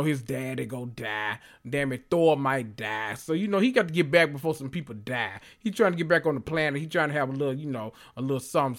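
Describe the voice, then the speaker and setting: A man recapping a TV episode in a sassy, animated and profane casual reaction. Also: medium pitch. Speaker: recap vlogger.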